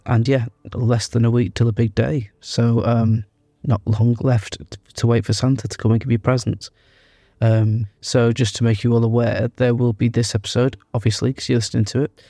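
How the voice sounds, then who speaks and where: A man's voice: mid-range voice, dark tone, no echo. A young man, hosting a podcast and chatting casually, rambling with lots of ums and fillers. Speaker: podcast host. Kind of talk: casual podcast intro chat.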